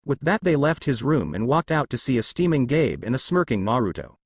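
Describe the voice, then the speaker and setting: Male narrator reading fan fiction aloud, lively pitch, plain delivery, dry close-mic sound. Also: brisk, breathy edge, dry recording.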